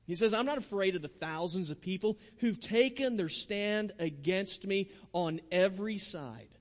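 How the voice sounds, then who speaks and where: A pastor delivers a sermon in an earnest voice, tripping over the first words of a phrase before pressing on. His voice sits high for a man. The sound rings with the long reverb of a large hall. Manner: earnest, repeats words when starting phrases.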